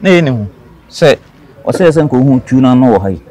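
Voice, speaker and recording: A man's voice: mid-range voice, expressive, fast talker, dark tone. A man from Ghana, a guest in an interview, earnestly telling his own story and repeating key phrases for emphasis.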